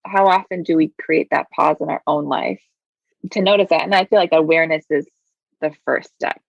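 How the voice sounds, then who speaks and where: A woman's voice: sits low, fairly even intonation, fairly quick, creaky, no echo, muffled recording. A woman guest who teaches yoga, talking reflectively in an interview and often saying "like". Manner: reflective, thoughtful, says "like" a lot. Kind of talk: conversational interview.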